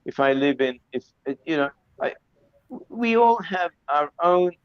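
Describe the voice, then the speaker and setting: A man's voice: on the high side, expressive, slow pace, a little mellow, clear, resonant tone, no room sound. A man speaking emphatically on an academic video-call panel, often repeating words as he reworks a thought. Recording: dry, slightly dull lo-fi audio.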